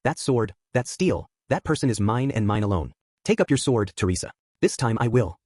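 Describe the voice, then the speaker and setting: A man's voice: medium pitch, lively intonation, normal speed, darkish tone, slightly rough, dry recording. A man reading as a resolute young swordswoman. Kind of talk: audiobook reading.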